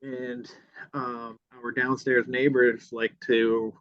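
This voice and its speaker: A man's voice: medium pitch, little pitch movement, slow pace, no echo. A man hosting a podcast, telling a personal story in a casual, profane way and acting out what people said. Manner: profane, re-enacts dialogue. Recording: dull lo-fi sound.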